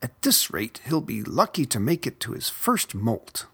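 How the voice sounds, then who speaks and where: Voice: mid-range voice, sing-song, a little slow, a bit bright, husky, exaggerated voice. A storyteller voicing a fussy, easily annoyed old snake in a storybook. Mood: disapproving. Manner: complaining, prim.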